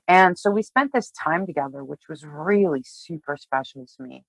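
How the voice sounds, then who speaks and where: A woman guest on a podcast, sharing a personal story in a heartfelt, emotional way, often halting and restarting. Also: sits low, gravelly, no room sound, rough recording. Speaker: tarot reader, guest.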